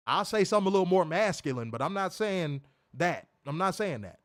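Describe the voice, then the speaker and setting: Reviewing wrestling on a podcast, a male co-host rants in a high, brisk voice. His commentary is casual and full of profanity, and he stays animated, mimicking voices and laughing loudly.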